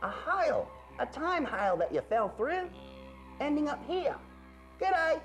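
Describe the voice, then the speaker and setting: Man playing a bad fake Australian accent, pushy bloke, high and swooping, music behind. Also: sing-song, slow, fairly bright tone, full character voice, poor audio. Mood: boastful. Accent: put-on Australian, badly done.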